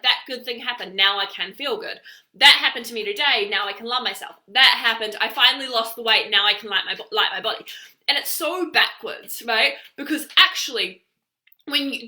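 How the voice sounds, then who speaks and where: A woman's voice: on the high side, normal speed, pushed and bright. A woman life coach talking casually to her viewers, chatty and full of filler "likes". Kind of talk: casual talk to camera.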